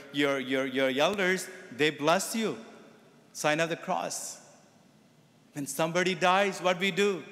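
A man's voice: on the high side, fairly bright tone. A man, a Catholic priest, giving a sermon that mixes teaching with a told story. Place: Catholic church. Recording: echoey church reverb.

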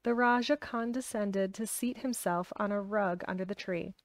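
A woman reading a classic children's novel aloud in a steady, expressive way. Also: mid-range voice, normal speed, dry recording. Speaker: audiobook reader. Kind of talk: storybook reading.

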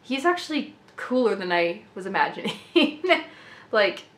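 A woman vlogging an unboxing in a casual, gushing and excitable way, laughing often, her throat slightly rough. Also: mid-range voice, measured pace. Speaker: doll collector vlogger. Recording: echoey room with faint noise.

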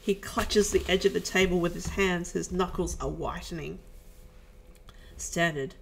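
A woman reading a film script aloud, with low-key, chuckling asides. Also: measured pace, gravelly, slight background noise, rough recording.

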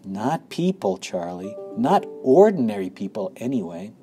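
A man's voice: fairly low pitch, unhurried, soft background music. A man voicing an old grandfather spinning a story for a child in a storybook reading, sometimes dropping to a secret whisper. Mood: conspiratorial. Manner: animated storytelling that drops to a hushed whisper. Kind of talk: storybook read-aloud.

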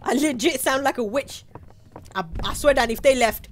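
A British woman streaming a game live, chatting to viewers, squealing and shouting as she plays. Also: high-pitched, moderate pace, a little hiss or hum. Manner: excitable, squeals and shouts while playing. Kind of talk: live gameplay commentary.

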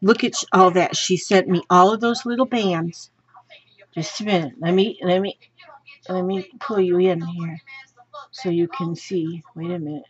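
A woman chatting to viewers from her home craft room, gushing and excitable as she shows craft supplies. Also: on the low side, moderate pace, husky, no echo. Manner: gushing and excitable, talks to viewers while handling items. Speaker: craft vlogger. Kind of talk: casual unboxing chat. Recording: slightly dull lo-fi sound.

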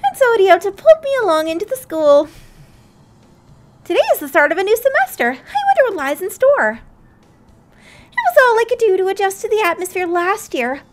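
A woman's voice: very high voice, big pitch swings, brisk, long pauses, pitched above the performer's own voice. A woman voicing a cheerful, earnest young schoolgirl heroine, reading a visual novel aloud. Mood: eager. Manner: bright, eager storybook narration.

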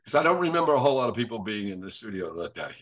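Older male drummer guest, lively raconteur who acts out quotes, dull lo-fi sound. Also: on the low side, very fast. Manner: animated storyteller, laughs often, acts out quoted voices. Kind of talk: casual interview storytelling. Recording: dull lo-fi audio.

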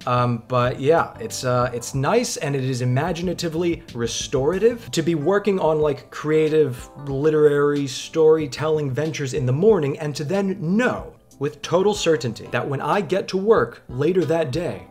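Brief: male vlogger, slightly high voice, dry deadpan storytelling, faint music under. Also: normal speed, few pauses. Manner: dry, wry, deadpan humor. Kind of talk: casual storytelling vlog.

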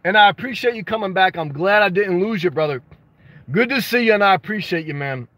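A man with a notably high voice hosts a casual livestream, answering his viewers' comments one after another. He gives blunt, jokey advice and breaks into excited outbursts now and then. The sound is dry and close, with no room echo. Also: brisk. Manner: reads and responds to viewer comments. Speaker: livestream host answering chat.

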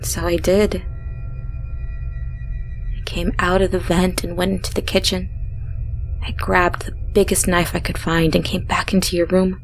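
A woman narrating a horror story in a hushed way, slipping into whispered passages. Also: lowish voice, level tone, measured pace, pauses often, soft background music.

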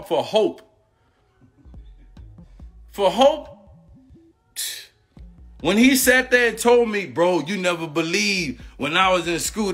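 Agitated man ranting, high bright voice. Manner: agitated, repetitive, confrontational. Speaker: former football player and coach. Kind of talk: heated rant on a live stream.

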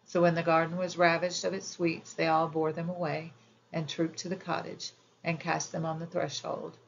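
A woman narrating a children's fairy tale audiobook in a measured, gentle storytelling manner. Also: sits low, flat delivery, gravelly, lo-fi sound, slight background noise.

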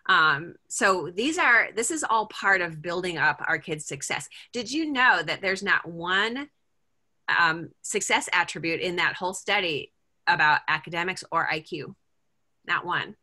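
A woman's voice: fairly low pitch, bright, forceful tone. A middle-aged woman leading a parent group over a video call, talking casually and thinking aloud with lots of fillers and restarts.

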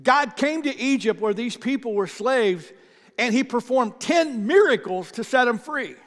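A man's voice: very high-pitched, lively intonation, unhurried. Guy preaching in church, talks like a conversation, repeats himself, big echoey sanctuary. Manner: conversational, repeats words, rises and falls in emphasis. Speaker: pastor. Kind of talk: sermon.

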